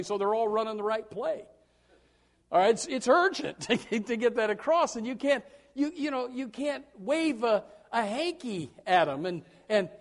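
A male pastor preaching with a high, lively voice that climbs and falls a lot. He talks in a folksy, joking way, with quiet asides and sudden loud shouted bursts. He often repeats words as he starts a thought. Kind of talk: sermon.

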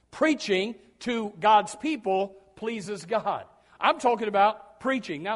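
Folksy preacher who swings to loud shouts. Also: male voice, sits high. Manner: shifts between quiet asides and loud shouted bursts; folksy, joking, repeats words when starting. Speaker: pastor. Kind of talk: sermon.

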